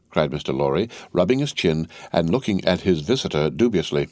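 A man reading a classic novel aloud as narration, with measured, expressive storytelling. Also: low voice, no room sound, clean studio sound. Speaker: audiobook reader. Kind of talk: scripted narration.

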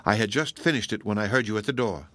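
A man voicing a stern, earnest young artist in an audiobook, grave and measured. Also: fairly low pitch, fairly bright tone, dry recording, close to an everyday voice. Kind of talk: audiobook reading.

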